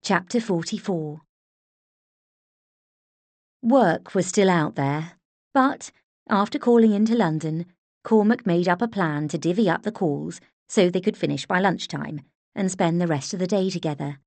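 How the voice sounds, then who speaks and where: A woman reads a romance novel aloud in scripted narration, measured and steady. Her voice sits on the low side, and the recording is close and dry with no room sound. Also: no room sound. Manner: even, measured storytelling. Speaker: audiobook narrator.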